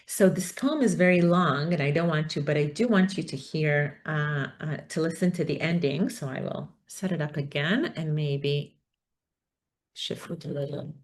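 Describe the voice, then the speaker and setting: A woman's voice: sits low, normal speed. A woman giving an academic talk, thoughtful and hesitant, with many fillers. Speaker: academic speaker. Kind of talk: conference talk.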